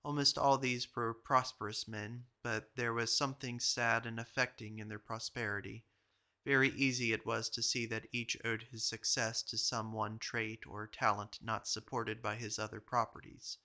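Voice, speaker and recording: A man giving a measured audiobook reading of an old journal. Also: medium pitch, little pitch movement, pushed and bright. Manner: measured, literary delivery. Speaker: reader.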